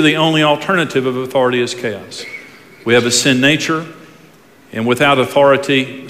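Animated male preacher in a reverberant hall. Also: on the high side. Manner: animated storytelling, acts out quoted voices. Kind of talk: sermon. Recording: long reverb of a large hall.

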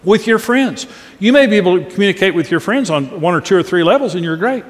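In a long-reverb hall, the middle-aged man preaching on marriage sounds high-pitched, expressive and quick. He stays emphatic and earnest while imitating different tones of voice to illustrate his points.

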